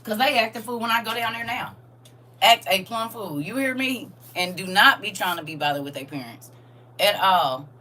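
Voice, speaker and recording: An older woman, hosting a casual live chat, laughing and swinging between soft asides and loud high bursts. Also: expressive, moderate pace, recorded from a distance. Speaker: host reading viewer comments.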